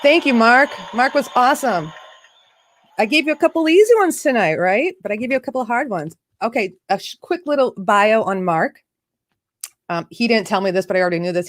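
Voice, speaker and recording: Chatty woman hosting a livestream, bubbly and talking right to the viewers, mid pitch. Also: animated, fairly quick. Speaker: livestream host. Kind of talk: casual livestream chat.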